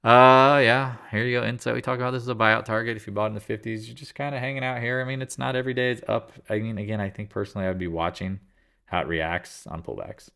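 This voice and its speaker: A man giving a casual, jokey daily stock market recap, full of slang and quick asides. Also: mid-range voice, steady tone, gravelly, bright, forceful tone, clear, resonant tone. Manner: loose, jokey, slangy, tosses in silly voices; talks in quick asides and restarts. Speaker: market commentator.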